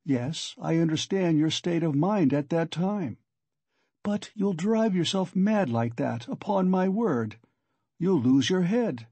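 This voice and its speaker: A man's voice: a little high, lively intonation, takes it slowly, mellow, no room sound, pitched above the performer's own voice, heavily acted. A man reading an audiobook, voicing a probing male investigator who presses in a confiding, knowing tone. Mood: insinuating. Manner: pressing, confiding tone of someone who knows more. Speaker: audiobook reader. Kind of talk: audiobook reading of a classic novel.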